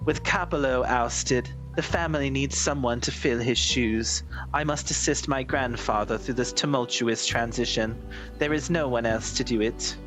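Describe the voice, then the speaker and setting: A man's voice: medium pitch, normal speed, music in the background, natural voice. A man reading aloud the lines of a refined young woman from a game, in his own plain voice and with no accent put on. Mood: earnest.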